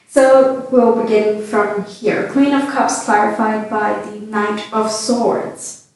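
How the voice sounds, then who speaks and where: Lady doing a tarot reading, slow and easy, super echoey room. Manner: calm, unhurried, with gentle fillers. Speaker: tarot reader. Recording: very echoey room, mic at a distance, faint rumble.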